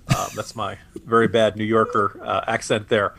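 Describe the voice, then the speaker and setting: A man's voice: lowish voice, level tone, moderate pace, vocal fry, sharp tone. A man co-hosting a political podcast, sarcastic and exasperated, often stammering and restarting. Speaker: co-host.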